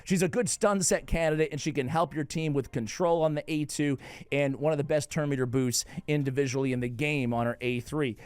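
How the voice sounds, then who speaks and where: New england guy doing casual game commentary, kinda high voice, dry close sound, jokey and excitable. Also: a little fast, clean tone, no echo. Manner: playful, jokey, sudden excited outbursts. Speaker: game guide creator.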